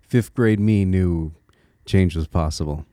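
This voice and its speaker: A man's voice: sits low, unhurried, warm tone, no echo, studio quality. A man from Connecticut hosting a solo podcast, talking in an earnest, reflective and encouraging way, with small restarts as he thinks aloud. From Connecticut, USA. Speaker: podcast host.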